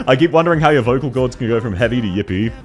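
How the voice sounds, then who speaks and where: A man's voice: mid-range voice, animated, quick pace. A young man streaming a game, chatting casually with viewers, laughing often and greeting people by name.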